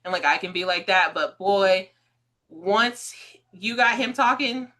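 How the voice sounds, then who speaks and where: Bright, animated woman podcast host. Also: medium pitch, unhurried. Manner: animated storyteller, acts out quoted voices, laughs often. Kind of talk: casual interview chat.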